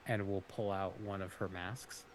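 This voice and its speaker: A man playing a tabletop game, calmly stating what his character does. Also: deep voice, a little slow, a little hiss or hum. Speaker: player.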